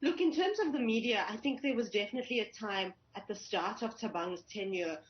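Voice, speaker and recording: A woman's voice: mid-range voice, dull audio, a little hiss or hum. Woman journalist, roomy remote line. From South Africa. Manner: thoughtful, measured, with frequent restarts. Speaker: cricket journalist. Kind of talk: news analysis interview.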